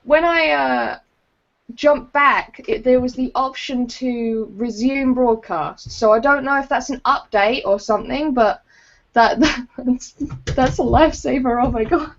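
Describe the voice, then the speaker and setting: A woman's voice: high-pitched, measured pace, gravelly. Chatty woman on a lo-fi call. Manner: laughs often, chatty storyteller. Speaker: podcast co-host. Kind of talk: casual chat over a call. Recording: dull lo-fi call audio.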